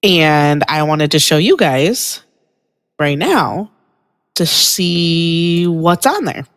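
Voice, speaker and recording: A woman co-hosting a casual podcast, speaking slowly and deliberately with frequent pauses. Her voice is fairly low for a woman, and a long reverb trails behind her words. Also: expressive. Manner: measured, with frequent ums. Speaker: podcast co-host. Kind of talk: casual chat.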